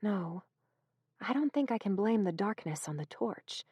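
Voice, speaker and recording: A woman's voice: medium pitch, animated, measured pace, mellow, slightly rough, no echo, muffled recording. A woman voicing a wry, stubborn young heroine. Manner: dry, sarcastic humour. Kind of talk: audiobook character reading.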